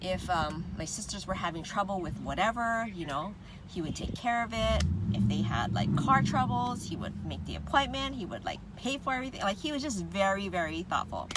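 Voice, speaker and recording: Chatting casually on a livestream from her parked car, a woman greets viewers and laughs often, her medium-pitched voice brisk with big pitch swings. The windows are down, letting in faint traffic noise.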